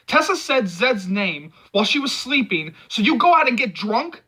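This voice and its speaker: A man doing a young male friend, yelling and scolding, high voice, bright edge, wide swings in pitch. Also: big pitch swings, moderate pace, husky, full character voice. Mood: exasperated.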